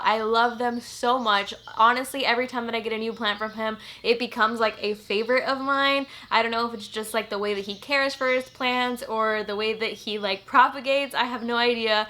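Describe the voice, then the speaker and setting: In a fairly high, sharp voice, a young woman from Texas talks through unboxing a plant for her channel. She's teary and emotional, gushing chattily and leaning heavily on "like."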